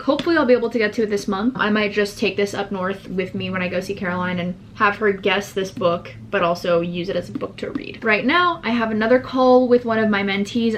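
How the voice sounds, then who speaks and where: A young woman talking casually to camera in a book vlog, chatty and gushing with quick asides. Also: fairly high pitch, slight background noise. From Armenian heritage. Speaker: book vlogger.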